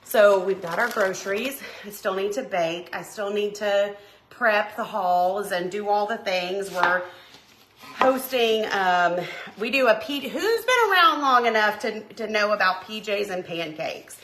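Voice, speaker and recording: Middle-aged woman, bright and scattered, craft-stream host; recorded in an echoey room. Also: mid-range voice, lively intonation, a little slow. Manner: chatty, scattered, talks to viewers by name. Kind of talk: casual crafting livestream chat. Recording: echoey room, faint background noise.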